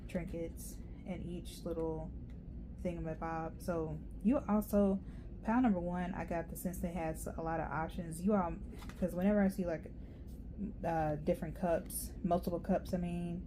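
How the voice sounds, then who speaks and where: A woman giving a casual, rambling tarot reading, chatty and quick to laugh. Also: lowish voice, steady tone, background noise. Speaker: tarot reader.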